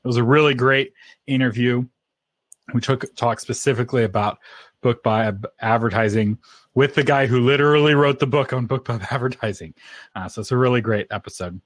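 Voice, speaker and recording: A man's voice: mid-range voice, a little fast, dry recording. A man co-hosting a live podcast episode, chatting casually and laughing often. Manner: chatty, laughs often, eats ice cream on air. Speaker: podcast co-host.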